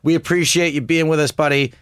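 A man's voice: on the high side, steady tone, fast, fairly bright tone, clear, resonant tone, no echo, studio quality. Joking, rambling male podcast host. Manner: joking, rambling, self-assured. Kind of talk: casual chat.

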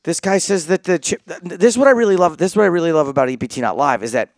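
A man's voice: on the high side, expressive, very fast, dry recording, clean studio sound. An American man co-hosting a podcast, joking and laughing often with rambling asides in casual banter. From United States. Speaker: co-host.

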